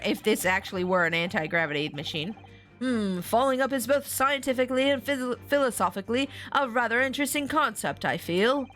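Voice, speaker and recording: A woman's voice: on the high side, a bit bright, lightly acted. A woman voicing a pompous, self-satisfied male Victorian detective with theatrical declaiming.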